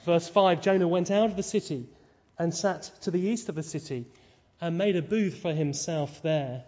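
Preacher in a reverberant hall. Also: male voice, a little high, moderate pace, a little mellow. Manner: expository, with rhetorical tag questions. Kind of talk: sermon. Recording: lo-fi recording with long hall reverb.

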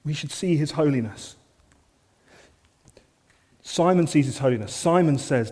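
An earnest male preacher delivering a sermon, his voice a touch higher than most men's. He often sinks to soft, intense phrases for emphasis. The sound carries the long reverb of a large church hall. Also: expressive, unhurried, pauses often.

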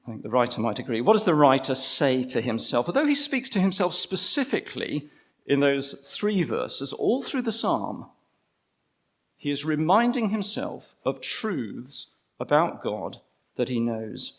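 A man preaching a conversational sermon, slowing down to stress key phrases. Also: mid-range voice, very animated.

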